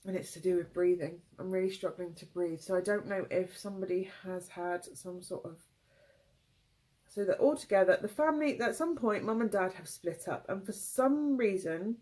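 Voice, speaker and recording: A woman giving an intuitive tarot reading, tearful, speaking in gentle, halting phrases. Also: medium pitch, poor audio. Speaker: tarot reader.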